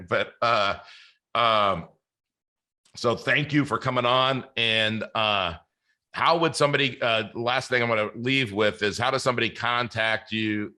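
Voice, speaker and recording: A man's voice: fairly low pitch, bright, forceful tone. A man hosting a podcast in casual interview chat, earnest and faith-filled, often restarting his sentences. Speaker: podcast host.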